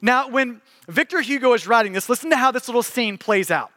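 Earnest male preacher, bright and high, heard in a church with long reverb. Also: expressive, fairly quick. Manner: storytelling, earnest, builds to solemn appeals. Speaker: pastor. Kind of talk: sermon. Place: church sanctuary.

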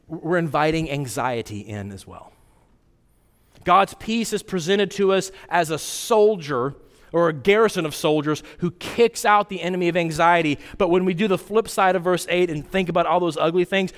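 Animated high-voiced preacher in a hall. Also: male voice. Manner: animated storytelling, acts out quotes with pitch jumps. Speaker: pastor. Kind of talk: sermon. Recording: long hall reverb.

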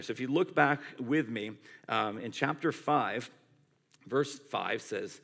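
A middle-aged man preaching a sermon in a conversational, animated storytelling way, acting out quotes as he goes. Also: medium pitch, unhurried, gravelly. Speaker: pastor.

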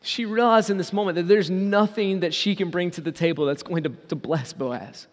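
Preaching man with a higher voice in a reverberant hall. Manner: preaching with many rhetorical questions, slowing down for emphasis. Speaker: pastor. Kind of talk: sermon.

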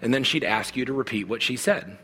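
A man's voice: mid-range voice, lively intonation, brisk, pushed and bright, slightly rough, big-room sound. A man preaching a sermon as a pastor, talking to the congregation in an earnest, conversational way.

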